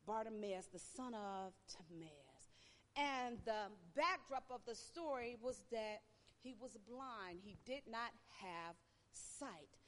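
High, animated woman preaching. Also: slow. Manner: dramatic storytelling, acting out crowd voices. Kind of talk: sermon. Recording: long reverb of a hall.

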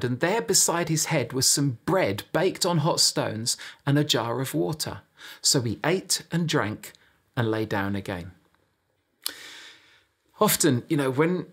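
A man's voice: medium pitch, breathy edge. A man preaching a sermon in a conversational storytelling manner, speaking directly to his listeners.

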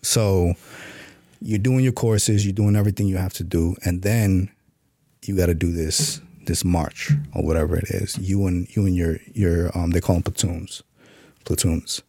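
A man's voice: deep voice, steady tone, moderate pace, vocal fry, warm tone, no room sound, clean studio sound. A man being interviewed on a podcast, telling a story in a laid-back way and swearing casually. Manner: laid-back, profane, full of "you know what I'm saying". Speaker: podcast guest, author and Army veteran.

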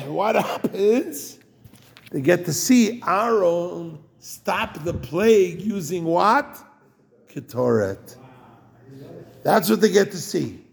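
Gravelly, husky-voiced rabbi. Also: male voice, high-pitched, big pitch swings, slow pace. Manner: jokey, digressive, asks listeners questions. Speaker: rabbi giving a short Torah talk. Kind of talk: informal Torah talk.

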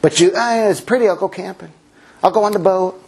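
A middle-aged man preaching a sermon, telling stories with self-mocking humor and animated delivery. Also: fairly quick, husky. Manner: animated, swings into high character voices. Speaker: pastor.

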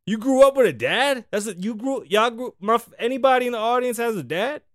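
A Bronx, New York man with a very high-pitched, expressive voice hosts a podcast, talking a little fast in loose, profane, freestyle riffing while teasing his co-host. The studio-quality recording has no room sound.

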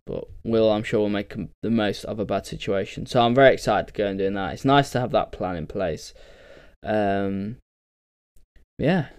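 A man's voice: lowish voice, a little mellow, no room sound, studio quality. A man hosting a casual solo podcast, rambling and sweary, ranting in bursts. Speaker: podcast host.

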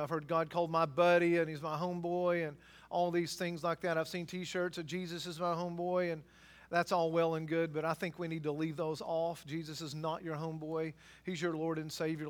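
A man preaching a sermon, swinging between quiet asides and loud, emphatic passages. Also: fairly high pitch. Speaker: pastor.

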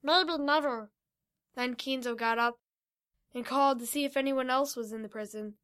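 Bright-voiced woman reading a story. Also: on the high side, steady tone, brisk, smooth. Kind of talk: reading a fantasy story aloud.

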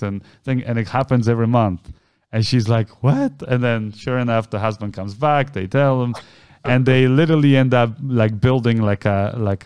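Man, podcast co-host, lively storyteller, smooth clear voice, dry close sound. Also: medium pitch, dry recording. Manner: animated storyteller acting out quoted voices. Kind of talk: casual storytelling chat.

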